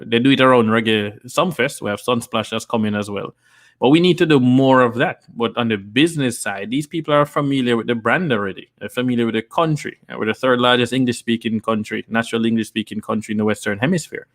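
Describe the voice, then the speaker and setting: A man's voice: medium pitch, a bit bright. Male host, live stream chat, earnest and persuasive, repeats himself as he builds a point. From Jamaica. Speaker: host and investor. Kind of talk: live stream talk reading viewer comments.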